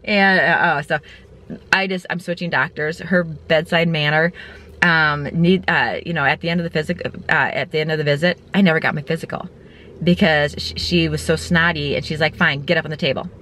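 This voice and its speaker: A woman's voice: sits low, steady tone, moderate pace, a bit bright. A woman in her forties talking casually in a vlog, a candid and rambling storyteller, recorded inside a car. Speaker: vlogger. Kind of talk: casual chat.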